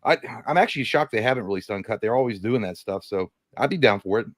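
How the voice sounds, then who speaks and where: A man's voice: on the low side, lively intonation, quick pace, no room sound. A man co-hosting a live movie stream, joking while he reads chat messages.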